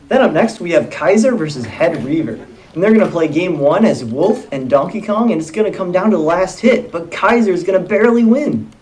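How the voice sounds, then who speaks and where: A man playing a screenwriter in a comedy sketch, matter-of-fact and mildly exasperated as he pitches. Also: animated, a little fast, hardly any pauses, a little mellow.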